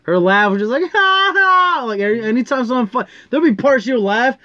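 A man's voice: very high voice, fast talker, fairly bright tone, dry recording. A man co-hosting a casual chat, telling stories in slang and swearing along the way. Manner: slangy storyteller, says "dog", swears. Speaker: podcast co-host. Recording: dull lo-fi dry sound.

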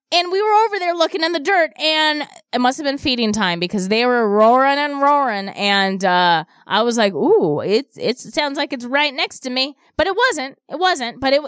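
High-voiced woman radio shopping host. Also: fairly bright tone, clear, resonant tone, no room sound, clean studio sound. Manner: repeats deals and prices, chatty asides. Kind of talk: upbeat radio deal pitch. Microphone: studio microphone.

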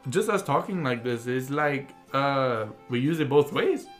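A man with a Cajun accent, joking around in casual podcast banter with animated exclamations. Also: medium pitch, measured pace, soft background music.

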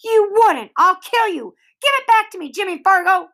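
A shrill, bossy fourth-grade girl, as a woman reader puts her on, pitched well above an adult voice. She sounds proud and indignant and swings widely up and down. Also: expressive, moderate pace, fairly bright tone, heavily acted. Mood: shrieking.

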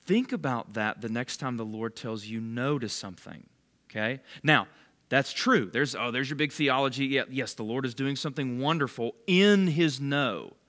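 A man's voice: mid-range voice, normal speed, a bit bright. A man leading a bible study, giving a casual, conversational sermon and quizzing his listeners by name. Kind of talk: casual sermon to a small group.

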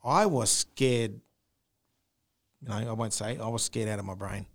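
Animated man telling a ghost story. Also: fairly low pitch, moderate pace. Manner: animated storyteller, mimics the noise with rising howls. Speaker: podcast co-host. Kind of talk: casual storytelling.

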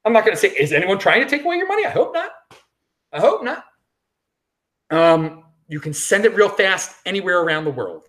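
Casual commentary, blunt, dismissive, repetitive emphasis, animated pitch. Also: brisk. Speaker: vlogger.

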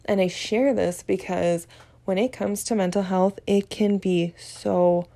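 A woman's voice: mid-range voice, steady tone, measured pace, vocal fry, mellow. A young woman hosting her podcast, talking openly and emotionally about her relationship and mental health, laughing now and then. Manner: open, emotional, laughs often, vivid. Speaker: podcast host. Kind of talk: candid personal talk.

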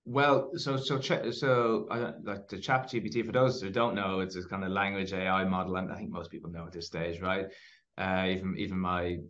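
A man speaking as a podcast guest who tells stories in an animated way, with plenty of fillers and restarts. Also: low voice, normal speed, lo-fi sound. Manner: animated storyteller, lots of fillers. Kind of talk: casual interview storytelling.

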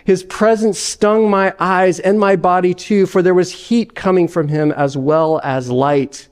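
A man's voice: high-pitched, fairly even intonation, unhurried, clear, resonant tone. A male pastor giving an earnest, reflective sermon with occasional fillers.

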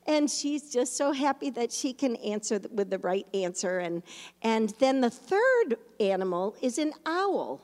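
Slow-speaking woman pastor in a reverberant hall. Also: on the high side. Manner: animated storytelling, imitating a toddler's animal sounds, then hushed and reflective. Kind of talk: storytelling sermon.

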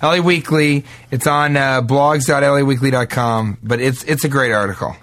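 Deadpan man telling absurd jokes. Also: mid-range voice, moderate pace, dry recording. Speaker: podcast co-host. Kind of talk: casual comedy chat.

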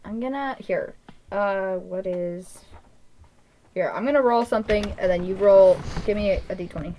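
A woman's voice: medium pitch, moderate pace, highs cut off, a little hiss or hum. A woman running a tabletop game as game master. She talks in a loose, chatty way and giggles often. Her voice sits in an everyday middle range. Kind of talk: casual tabletop game narration.

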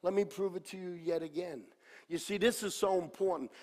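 A man in his sixties preaching a sermon, swinging between impassioned shouting and low, quiet speech with a repetitive, emphatic cadence. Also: fairly quick. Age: 60s. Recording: long reverb of a large hall.

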